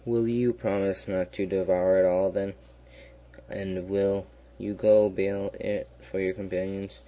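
A man voicing a stubborn, grumbling peasant in a storybook reading, in a low, deliberate voice close to his own. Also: little pitch movement, dark tone. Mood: bargaining. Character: grumbling stubborn male peasant, middle-aged.

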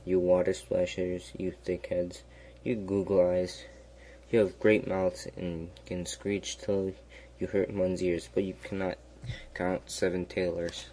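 A man voicing a stubborn, grumbling peasant in a storybook reading, in a low, deliberate voice close to his own. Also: level tone, warm tone, a little hiss or hum. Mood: scolding. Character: grumbling stubborn male peasant, middle-aged.

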